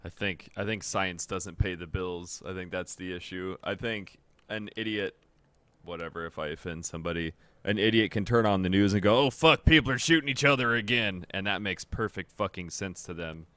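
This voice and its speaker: A man's voice: deep voice, steady tone, normal speed, fairly bright tone, clean tone, no room sound. A man co-hosting a podcast, talking offhand and profane, laughing often. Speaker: podcast co-host. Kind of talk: casual chat.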